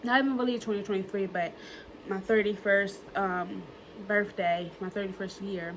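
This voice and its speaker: A woman's voice: mid-range voice, fairly even intonation, moderate pace, slight background noise, low-quality recording. A woman, talking in an earnest, emotional way in a personal reflection vlog, using plenty of fillers and repeating herself. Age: early 30s. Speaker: vlogger.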